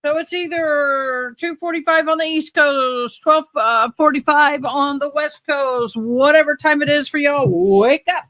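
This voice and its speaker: Sleepy, slow-talking woman. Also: high voice, steady tone, bright, forceful tone, no room sound. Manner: chatty, folksy, thinking aloud. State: tired, sleepy. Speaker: livestream host. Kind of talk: casual livestream chat. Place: home studio in Texas.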